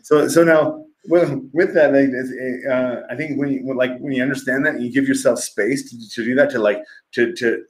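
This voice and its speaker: A man's voice: medium pitch, fairly even intonation, normal speed, few pauses. Candid middle-aged man telling stories. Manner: candid, profane storytelling with frequent laughs. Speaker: podcast guest. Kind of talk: casual conversation. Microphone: livestream podcast mic.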